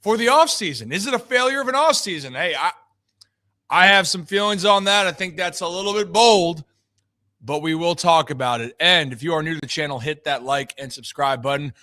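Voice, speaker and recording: A man's voice: on the high side, brisk, sharp tone, no echo, clean studio sound. A man hosting a live sports talk show, chatting upbeat and straight to his viewers.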